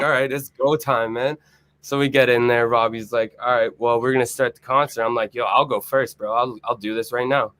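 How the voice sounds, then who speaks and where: Young male guest, rambling, cursing, excited storyteller on a remote mic. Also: mid-range voice. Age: young adult. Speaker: guest musician. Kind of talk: casual chat, storytelling. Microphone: video or remote mic, quiet at first.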